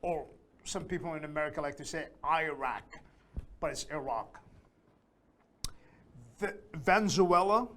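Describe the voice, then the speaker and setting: A man teaching a beginner English lesson, speaking slowly and carefully and repeating words so learners can hear the pronunciation. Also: a little high, pushed and bright.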